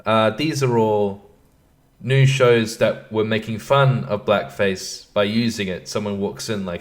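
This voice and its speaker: A man's voice: on the low side, measured pace. A man hosting a casual solo podcast from his computer at home, rambling, breaking off mid-thought and laughing at himself. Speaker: podcast host. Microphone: computer microphone at his desk.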